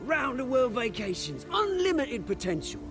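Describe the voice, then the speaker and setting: An actor with a British accent playing a bitter, scheming young gang leader in a video game, theatrical and menacing, swinging from shouts to hushed threats. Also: male voice, very high-pitched, very animated, moderate pace, heavily acted. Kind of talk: video game cutscene acting. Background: game music.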